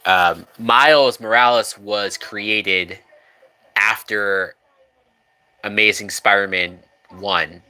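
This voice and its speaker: A drunk livestreamer gives loose, profane commentary on a film, chatting freely and sometimes reading the chat aloud. His fairly low voice comes out pushed and bright.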